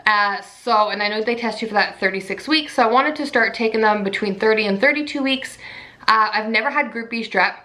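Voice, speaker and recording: A woman's voice: a little high, a little fast, pushed and bright. A young pregnant woman in casual vlog chat, chatty and full of "like". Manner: chatty, says "like" often. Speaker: pregnancy vlogger.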